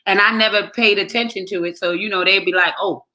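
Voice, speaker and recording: A woman's voice: medium pitch, fast. A woman in her forties with a New York accent, chatting casually and sassily as a host. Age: 40s. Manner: animated, sassy, quotes people in voices. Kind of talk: casual chat.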